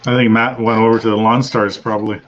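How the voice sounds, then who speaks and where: A man from Canada hosting a casual live chat, playful and quick to laugh. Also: on the low side, little pitch movement, a bit bright. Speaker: host. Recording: dull lo-fi sound.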